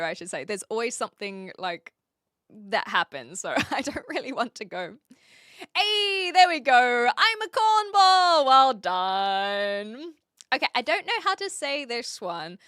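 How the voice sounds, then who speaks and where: A woman's voice: on the high side, pushed and bright, no room sound, studio quality. A woman from New Zealand with a mixed New Zealand, Australian and British accent, live streaming from an attic in a casual, giggly way as she reads viewers' chat aloud.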